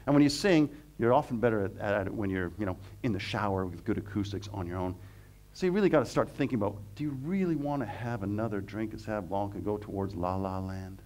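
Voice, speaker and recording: A middle-aged man from Canada, a professor giving a humorous, animated seminar talk that mixes jokes into the teaching. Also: on the low side, fast talker. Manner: animated, joking, acts out quotes. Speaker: guest speaker, professor.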